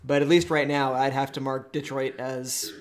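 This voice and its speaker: Male co-host, mid pitch, even and analytical, dry humor, casual podcast from a house. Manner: measured, analytical, with dry jokes. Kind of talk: casual tournament recap chat. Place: shared rental house, indoors.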